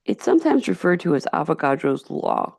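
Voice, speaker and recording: A woman with a Yonkers accent teaching high school chemistry in a recorded slideshow lecture, chatty and digressive, often restarting her sentences. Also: sing-song, a little fast, vocal fry, a little mellow, no room sound, studio quality. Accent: Yonkers, New York. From Yonkers, New York.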